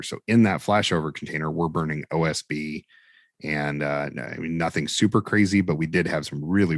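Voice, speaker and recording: Man, deep voice, fire instructor, casual storytelling, animated quoted dialogue, dry sound. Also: dry recording. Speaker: fire training instructor, podcast guest.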